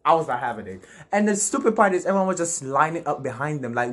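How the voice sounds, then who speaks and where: A man's voice: fairly high pitch, big pitch swings, fairly quick. A young man chatting casually and bluntly, trading opinions and laughing easily. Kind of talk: casual chat.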